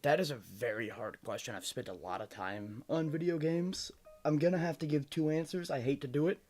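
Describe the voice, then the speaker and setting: A man streaming a video game who chats casually and jokes with his chat in an animated, rambling way. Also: on the high side, fairly quick, faint music behind.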